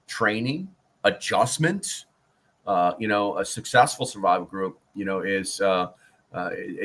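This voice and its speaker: A man's voice: fairly low pitch, bright, forceful tone. A man hosting a casual livestream chat, rambling and joking, with lots of fillers and restarts as he reads out the chat. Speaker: prepper livestream host.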